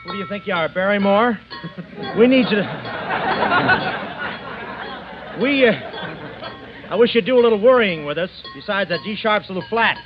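An actor playing a wisecracking young man posing as a groom in a 1940s radio comedy, trading fast quips. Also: sits high, very animated, over music, a crowd in the background. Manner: quick quips, fast comic banter. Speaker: comic lead in a radio comedy. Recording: old radio broadcast, dull with hiss.

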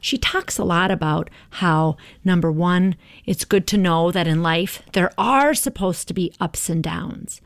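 A woman's voice: on the low side, measured pace, hardly any pauses, no echo. A middle-aged woman hosting a podcast, talking in an encouraging, motivational way and often checking in with "right?". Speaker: podcast host.

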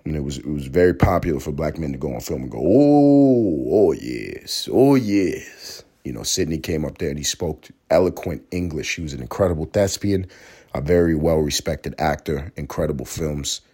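A man's voice: extremely low pitch, fairly quick, a little mellow. A man hosting a solo podcast with a sore throat, talking in a profane, rambling way, sometimes like a mock preacher. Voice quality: hoarse. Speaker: podcast host. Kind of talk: casual solo podcast monologue.

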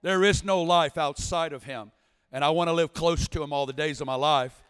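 An Arkansas guest preacher in his forties tells his testimony with animation and a storyteller's touch, sometimes erupting into shouts. His voice is a bit high, clear and resonant at a moderate pace, and the large sanctuary's reverb lingers long.

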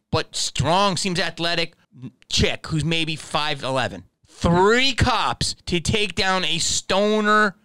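A man's voice: high voice, sharp tone, clean tone, dry recording. A man hosting a podcast, delivering a profane, heated and sarcastic casual rant as commentary. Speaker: podcast host.

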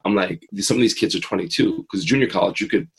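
Guest in his forties, deep husky male voice, earnest personal storytelling in an interview. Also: fast, a bit bright, rough recording. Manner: earnest, plays his own past thoughts. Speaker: interview guest, mindset coach.

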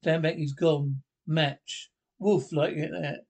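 A rambling pub storyteller. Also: male voice, on the high side, steady tone, slow pace, darkish tone. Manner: rambling, casual, self-correcting storytelling. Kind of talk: sketch comedy monologue.

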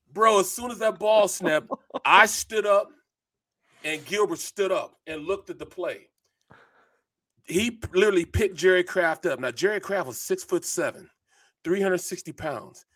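Animated middle-aged man telling football stories. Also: high-pitched, a little slow, pauses often. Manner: animated, rambling storyteller with many fillers. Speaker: co-host, former pro football lineman. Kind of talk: sports talk and storytelling.

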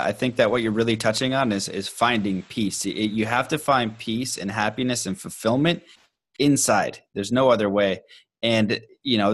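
A man's voice: mid-range voice, fairly bright tone, no echo. Earnest, slangy young male podcast host. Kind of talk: casual conversation.

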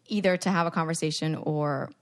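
Lower-voiced woman, teasing guest. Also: fairly quick. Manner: supportive, teasing friend. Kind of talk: casual chat.

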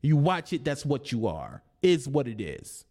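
A man's voice: mid-range voice, big pitch swings, measured pace, a little mellow. A man, delivering a confrontational, preachy monologue aimed at a rival, taunting and repeating his points. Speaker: online commentator.

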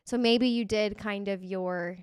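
A woman co-hosting a podcast, talking in a chatty, animated way full of "like". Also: mid-range voice, unhurried, clean tone, no echo, clean studio sound. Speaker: podcast co-host. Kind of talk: casual chat.

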